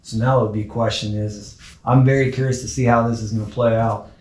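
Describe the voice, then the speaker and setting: A man's voice: medium pitch, steady tone, brisk, a little mellow. A man hosting an interview, chatting in an encouraging, conversational way with frequent restarts. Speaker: podcast host. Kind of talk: casual interview talk. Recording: echoey room.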